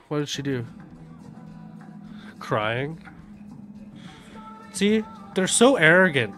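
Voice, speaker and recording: A man's voice: on the high side, very animated, very slow, pauses often, sharp tone, faint music behind. Blunt, ranting man. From Canada. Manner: blunt, profane, sneering, laughs often. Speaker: streamer reacting to videos. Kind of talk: casual rant commentary.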